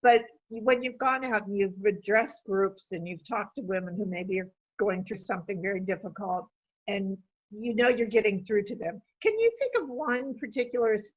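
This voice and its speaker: Woman host asking gentle questions, kinda husky, muffled lo-fi audio. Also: medium pitch. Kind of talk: interview questions. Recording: dull lo-fi sound.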